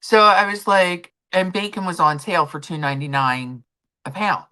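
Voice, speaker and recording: A woman's voice: on the low side, normal speed, bright, forceful tone. A woman hosting a live stream, chatting casually and telling stories while reading messages from her chat.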